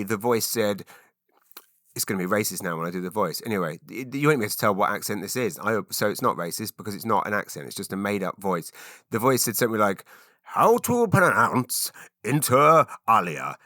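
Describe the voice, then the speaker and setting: Guy rambling on his podcast, low-ish voice, bright edge, lots of ums and restarts. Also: no room sound, studio quality. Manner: enthusiastic, rambling, with frequent fillers and restarts. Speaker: podcast host. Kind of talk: casual solo podcast monologue.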